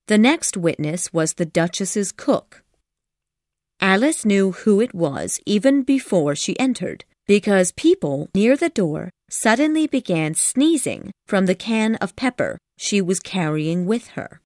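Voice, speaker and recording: A woman narrating an abridged classic storybook audiobook in a calm, measured reading. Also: medium pitch, no echo, studio quality.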